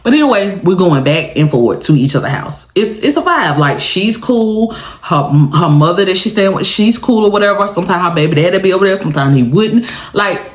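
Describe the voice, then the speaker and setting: A woman's voice: on the low side, brisk, echoey room. A woman vlogger telling a story in a casual chat, talking straight to viewers and laughing often. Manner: animated, dramatic, talks straight to viewers.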